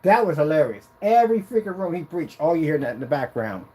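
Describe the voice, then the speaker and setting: A man casually demonstrating a projection screen on a vlog, excited and rambling, boasting about his product. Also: moderate pace, a little hiss or hum. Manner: sings snatches of a tune in a high voice.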